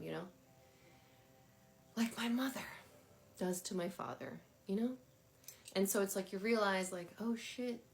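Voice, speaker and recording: A woman's voice: mid-range voice, gravelly. Chatty laughing woman in her thirties. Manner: chatty, laughs often, many fillers. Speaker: spiritual dowsing host. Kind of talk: casual livestream chat. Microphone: phone livestream.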